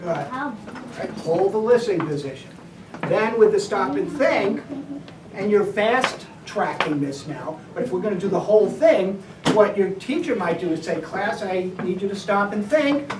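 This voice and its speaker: A woman's voice: medium pitch, expressive, moderate pace. Woman teacher, directive and step-by-step, recorded from across an echoey classroom. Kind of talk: classroom behavior lesson. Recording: echoey room, distant mic, background noise.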